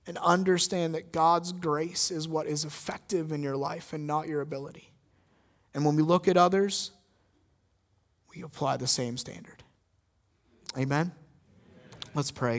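A man's voice: on the high side, steady tone, unhurried, pauses often. Emphatic male pastor preaching. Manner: emphatic, swings from loud stress to quiet intensity. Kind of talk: sermon.

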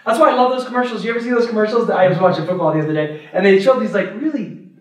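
Speaking rapid-fire in a high, bright voice, a priest delivers a lively teaching talk for adult formation, laughing as he tells his stories. The recording places him distant from the mic inside a church hall with heavy echo.

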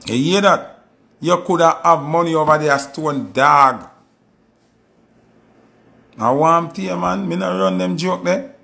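A man with a Jamaican Patois accent, telling stories in a casual monologue and acting out quoted voices with sudden high jumps. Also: a little slow, vocal fry, pauses often, bright, forceful tone. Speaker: commentator.

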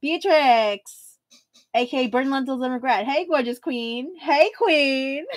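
Bubbly woman on a live stream, high voice, lots of giggles, dry close sound. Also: slow pace, no room sound. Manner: bubbly, giggly, calls viewers queen. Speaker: livestream host. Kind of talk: casual livestream chat, reading comments.

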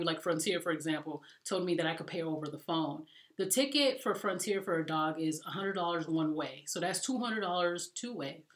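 A woman vlogging travel tips in a chatty, animated way, talking to viewers as y'all. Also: fairly low pitch, echoey room. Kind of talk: casual storytelling vlog.

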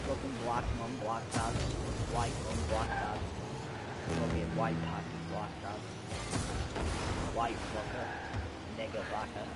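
A man's voice: on the low side, flat delivery, takes it slowly, long pauses, over loud music, low-quality recording. A young man giving crude, profane gameplay commentary. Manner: crude, profane trash talk. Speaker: gamer.

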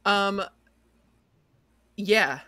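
Slow, bright-voiced game master. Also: medium pitch, a little hiss or hum. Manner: slow, laughing, loose. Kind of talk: tabletop game narration.

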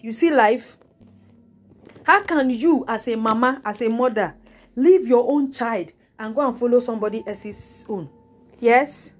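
High-voiced, mocking Nigerian woman gossiping. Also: a little mellow. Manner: mocking, repetitive, breaks into laughter. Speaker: celebrity gossip vlogger. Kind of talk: gossip commentary to viewers.

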